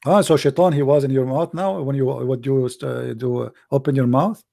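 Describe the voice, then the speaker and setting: A man's voice: mid-range voice, steady tone, normal speed, creaky, warm tone, no echo, clean studio sound. A man hosting a religious debate call, talking in a sarcastic, mocking way and pressing his questions. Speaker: host of a debate call-in show.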